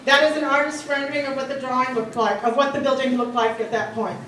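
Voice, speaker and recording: A woman teaches a history class in a high, bright voice, quizzing her students and laughing along with them. She stands away from the mic in a very echoey room. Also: fast talker, distant mic, background noise. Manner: lively, asks the class questions and laughs often. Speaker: history lecturer. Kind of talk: classroom lecture. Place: lecture room.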